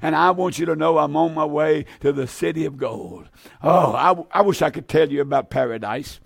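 A man's voice: a little high, normal speed, vocal fry, no room sound, studio quality. An older man preaching a fervent sermon with an altar call, pleading with many "uh" fillers and sometimes drifting into song.

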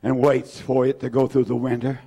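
A man preaching an impassioned sermon, fervent and repetitive, swinging between loud cries and hushed, tender lines. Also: mid-range voice, monotone, a little fast.

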